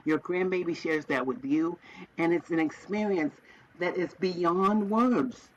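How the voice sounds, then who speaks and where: A retired teacher from the American South, a woman in her seventies, guests on a podcast telling heartfelt stories conversationally. She speaks emphatically, repeating phrases for effect, in a fairly low voice at a slightly slow pace. The recording is muffled with slight background noise.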